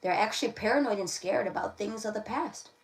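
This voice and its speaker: A woman's voice: mid-range voice, fairly quick. Brief: woman tarot reader on a casual livestream, talkative and repetitive, slightly off-mic with faint background noise. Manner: chatty, repeats phrases, laughs often. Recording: voice a bit distant from the mic.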